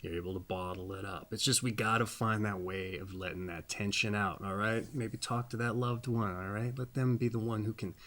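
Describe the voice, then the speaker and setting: A man's voice: lowish voice, fairly even intonation, fairly quick, hardly any pauses, fairly bright tone. A man giving a casual, rambling birthday astrology reading as host, folksy and often checking in with "all right?" while laughing at his own jokes.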